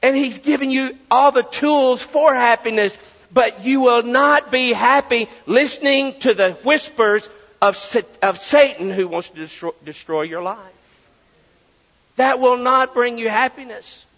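A man's voice: very high voice, measured pace. A man preaching a sermon as pastor, emphatic and full of rhetorical questions. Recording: dull lo-fi audio with long reverb.

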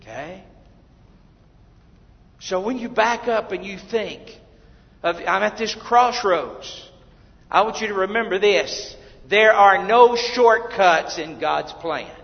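A high-voiced man with a gravelly edge preaches slowly and fervently, building to shouts and then dropping to hushed asides. His sermon rings through a church sanctuary with a long hall echo, on a dull, lo-fi recording. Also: lively intonation. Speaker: pastor.

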